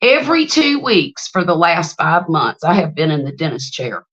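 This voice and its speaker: A woman's voice: sits low, sing-song, normal speed, fairly bright tone. A woman, hosting a casual livestream, telling stories, greeting viewers by name and laughing often. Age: 50s. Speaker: livestream host.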